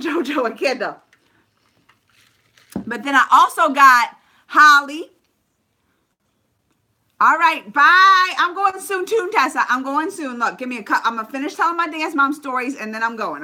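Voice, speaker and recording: A bright, sharp-toned woman chats on a live stream. Her high voice swoops all over as she tells stories and greets viewers by name between anecdotes. She is animated and chatty throughout. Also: normal speed. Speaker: vlogger. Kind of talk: casual live-stream chat.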